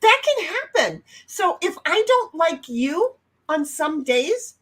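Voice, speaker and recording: Casual livestream co-host, woman, high voice, brash, swears, sudden loud bursts. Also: sing-song, slow pace. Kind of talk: casual chat.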